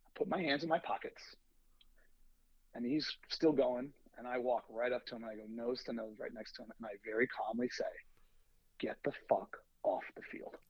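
A man's voice: medium pitch, a little fast, no echo, dull audio. A man, a youth baseball coach, telling a long story on a podcast and acting out the lines of the people in it. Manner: animated anecdote, acting out quoted lines.

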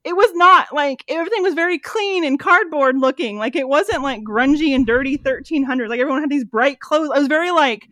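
A woman's voice: high-pitched, brisk, few pauses, a bit bright, no echo. A woman in her thirties chatting casually on a podcast, rambling with lots of fillers and swearing freely. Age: 30s. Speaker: podcast co-host. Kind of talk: casual movie recap chat.

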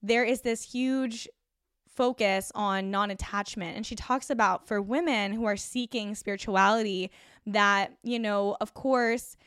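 Woman rambling on her podcast from her bedroom, super gushy, smooth voice. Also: mid-range voice, fairly even intonation, measured pace, fairly bright tone, dry recording, studio quality. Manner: gushing, enthusiastic, lots of "like" fillers. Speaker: podcast host. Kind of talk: casual solo podcast chat.

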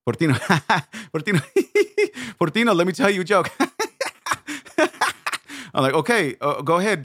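A man telling a comedic story in a rambling, animated way, often restarting his sentences. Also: a little high, no room sound, studio quality. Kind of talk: comedic monologue.

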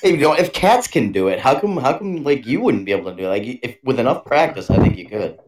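A man's voice: mid-range voice, sing-song, quick pace, very noisy. A man co-hosting a casual podcast with laid-back joking banter. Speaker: podcast co-host.

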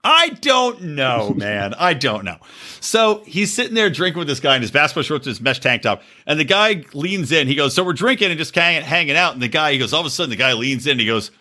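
A man's voice: high-pitched, fairly quick. A man co-hosting a podcast, telling a crude story in casual, profane chat and acting out the people he quotes. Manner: animated, acts out quotes with shifting voices; profane, laughs often. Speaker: podcast co-host.

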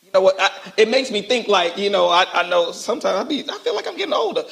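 A male pastor preaching a sermon with animated call-and-response, acting out quotes, recorded in a church. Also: high-pitched, fast, gravelly. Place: church sanctuary.

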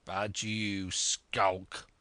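A man voicing a fierce, scornful blind old pirate chief in a storybook reading, snarling slow commands. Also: fairly low pitch, little pitch movement, sharp tone, no room sound, heavily acted. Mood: scornful, commanding.

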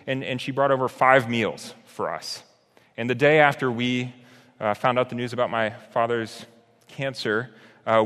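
A man's voice: fairly low pitch, a bit bright, in a large hall. A young adult man preaching a sermon as a pastor, earnest and grieving, his voice climbing in bursts of emotion.

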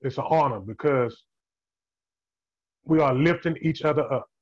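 A man's voice: mid-range voice, unhurried, highs cut off. A man hosting a group call, talking in a hyped call-and-response preaching cadence. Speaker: call host. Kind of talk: hyped motivational call talk. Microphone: phone or video call.

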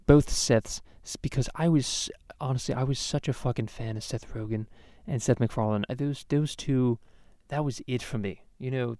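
A podcast host delivers a profane, rambling comedy rant, restarting his sentences often. His mid-range voice is mellow, and the podcast mic gives a clean studio sound with no echo.

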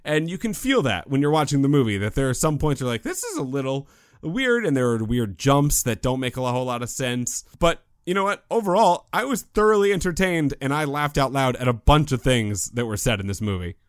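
A man's voice: mid-range voice, lively intonation, brisk, few pauses, smooth, dry recording, clean studio sound. A man co-hosting a podcast, chatting casually about a film and acting out quotes with quips. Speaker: podcast co-host. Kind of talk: casual movie review chat.

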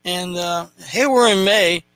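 A man's voice: high voice, measured pace, fairly bright tone, dry recording. A man hosting a casual podcast, bantering loosely and joking about himself. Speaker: podcast host.

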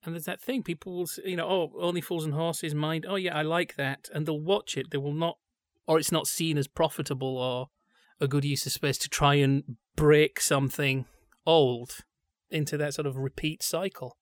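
A man's voice: on the high side, fairly even intonation, moderate pace, no echo, studio quality. A man co-hosting a podcast, talking in a thoughtful, discursive way that drifts from point to point. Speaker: podcast co-host.

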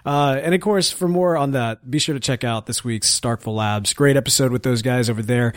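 A man's voice: mid-range voice, a little fast, no echo, clean studio sound. A man co-hosting a casual podcast, joking around and reading out show plugs. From American South. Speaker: podcast co-host. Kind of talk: casual chat.

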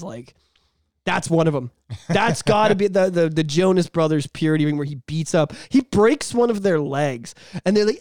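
A man's voice: high voice, expressive, moderate pace, a little mellow, no echo, clean studio sound. A man co-hosting a podcast in casual chat, rambling, profane and laughing. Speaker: podcast co-host.

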